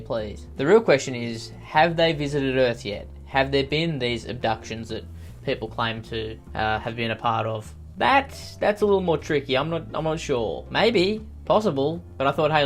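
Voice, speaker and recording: A man hosting a comedic online video, talking in a sarcastic, self-mocking, joking way. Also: mid-range voice. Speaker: YouTuber host. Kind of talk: comedic vlog commentary.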